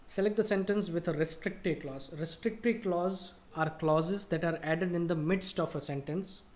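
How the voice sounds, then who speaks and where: A man's voice: sits high, moderate pace, darkish tone. A man teaching English grammar in a live online lesson, explaining rules step by step with examples. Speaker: IELTS tutor.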